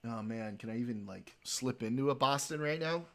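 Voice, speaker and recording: A man's voice: medium pitch, a little fast, a bit bright. A male live streamer in casual chat, joking around and trying out accents.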